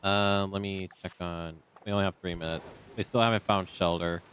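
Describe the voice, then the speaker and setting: Low-voiced rambling male streamer. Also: steady tone, moderate pace, a bit bright, a little hiss or hum. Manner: rambling and chatty, with many ums. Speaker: game streamer. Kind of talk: casual live-stream chat. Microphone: desk microphone. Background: faint game music.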